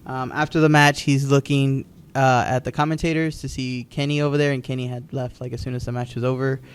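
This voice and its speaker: A man's voice: medium pitch, level tone, a little fast, clean tone. A man co-hosting a podcast, recapping wrestling matches in casual, rambling chat with frequent ums and restarts. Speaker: podcast co-host.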